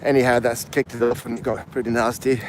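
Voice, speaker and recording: A man's voice: mid-range voice, little pitch movement, fast talker, a little hiss or hum. A man in his fifties with a mixed English accent, out of breath while walking uphill outdoors and chatting on a live stream. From England. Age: 50s. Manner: rambling, answers chat comments aloud. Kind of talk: casual live stream chat.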